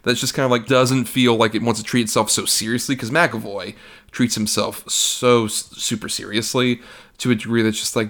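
A man co-hosting a film podcast, talking casually and animatedly, swearing often and mocking characters with quick impressions. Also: mid-range voice, level tone, fairly bright tone. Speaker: podcast co-host. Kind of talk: casual film review chat.

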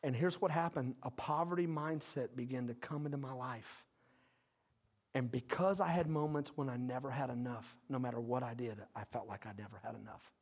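A pastor in his thirties preaching a lively sermon, calling out to the congregation. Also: medium pitch, brisk, husky. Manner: animated preaching with call-outs.

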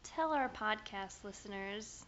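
A woman's voice: medium pitch, animated, slow, fairly bright tone, a little hiss or hum. A young woman co-hosting a podcast, chatting casually and playfully. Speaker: podcast co-host. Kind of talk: casual chat. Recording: dull, lo-fi podcast audio.

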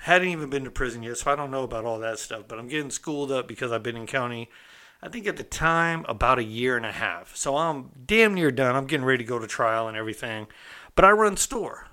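A man with a medium-pitched, bright voice talks fast and expressively, his tone forceful. He casually tells a story from his own past in a streetwise, conversational way, often checking in with the listener.

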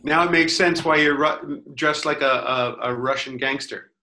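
Bright-voiced deadpan man, echoey room. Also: medium pitch, normal speed. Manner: deadpan crude jokes. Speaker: podcast panelist. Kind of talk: casual comedic banter.

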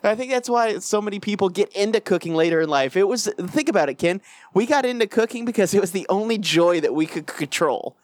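A man's voice: sits high, expressive, a little fast, no room sound. A man co-hosting a podcast in casual, profane, joking chat, acting out quoted lines. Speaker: podcast co-host.

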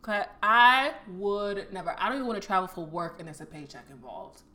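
A woman's voice: medium pitch, expressive, brisk, sharp tone. A young woman with a New York accent co-hosting a podcast, blunt and emphatic in slangy casual banter. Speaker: podcast co-host.

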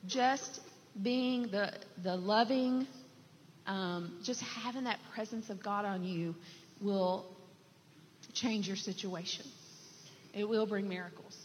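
A woman's voice: medium pitch, fairly even intonation, takes it slowly, pauses often. A woman sharing a heartfelt, reflective church testimony with fillers. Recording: dull sound with long hall reverb and faint noise.

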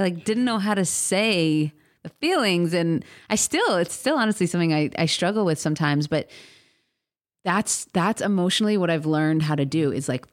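A woman's voice: deep voice, darkish tone. A woman in her thirties, a podcast guest chatting casually, talking in rambling runs full of fillers and restarts and acting out what others said. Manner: chatty, many fillers and restarts, acts out quotes. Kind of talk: casual interview chat.

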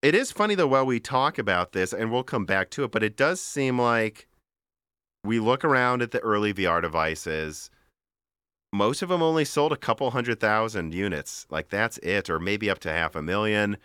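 A man's voice: on the low side, moderate pace, clean tone, no room sound, studio quality. A man co-hosting a podcast, chatting casually and rambling about gaming gear with frequent laughs. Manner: rambling, animated, laughs often. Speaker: podcast co-host. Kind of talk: casual tech chat.

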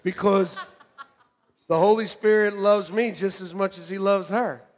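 A middle-aged man preaching a sermon to a congregation, joking and animated, swinging from shouts to quiet asides. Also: high voice, unhurried. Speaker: pastor. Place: church hall with congregation. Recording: long reverb of a church hall.

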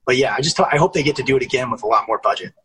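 A man's voice: medium pitch, racing, a bit bright, slight background noise, rough recording. A young man guesting on a podcast, chatting casually and energetically, swearing and using lots of fillers. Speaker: actor guest.

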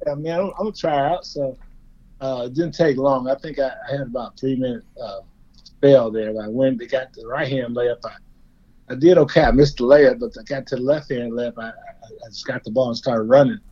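A man's voice: medium pitch, fairly even intonation, moderate pace, warm tone, dull audio. Self-deprecating man telling stories with laughs. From Indiana, USA. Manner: self-deprecating, laughing storyteller with frequent restarts. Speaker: guest, former player. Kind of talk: storytelling in a conversation.

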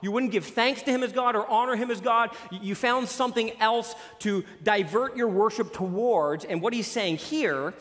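Male pastor, 40s, high voice, animated storyteller; sermon in a big hall with long reverb. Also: moderate pace, few pauses. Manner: animated, storytelling with jokes and sports analogies. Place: church sanctuary.

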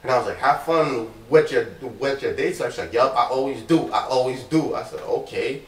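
A man's voice: mid-range voice, normal speed. A man co-hosting a casual talk show, telling a long story and acting out the lines of the people in it. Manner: animated storyteller, acts out quoted lines. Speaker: co-host. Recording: echoey room, distant mic.

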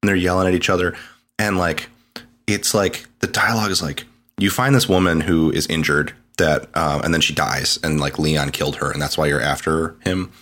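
A man's voice: rumbling low, fairly even intonation, normal speed, fairly bright tone. A man co-hosting a casual gaming podcast, retelling a game's story and breaking into laughter as he goes. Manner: laughing storyteller, retells game dialogue in mock voices. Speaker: podcast co-host. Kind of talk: casual chat.

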